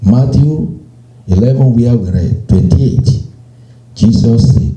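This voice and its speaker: A man preaching a sermon, slow and emphatic, repeating phrases and quoting scripture. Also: mid-range voice, sing-song, warm tone, reverberant, rough recording. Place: church.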